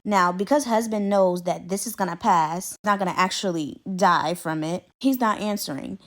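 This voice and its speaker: A woman's voice: fairly low pitch, normal speed, fairly bright tone. A woman telling a scary story in a casual, chatty way, acting out the characters' lines with her voice. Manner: chatty, acts out dialogue with her voice.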